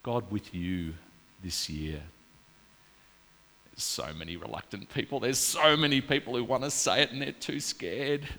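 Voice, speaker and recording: A man's voice: medium pitch, measured pace, gravelly. A man preaching a casual, story-filled sermon in a church. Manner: chatty, storytelling, animated with laughs. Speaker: pastor. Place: church hall. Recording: reverberant church hall.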